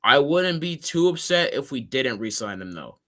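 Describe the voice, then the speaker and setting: A man's voice: mid-range voice, sing-song, normal speed, a bit bright. Easygoing male podcast co-host from Minnesota. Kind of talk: casual sports podcast chat.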